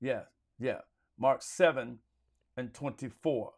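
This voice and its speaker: A man's voice: medium pitch, takes it slowly. A man teaching a Sunday school Bible lesson in a preacherly, emphatic way, repeating phrases for stress.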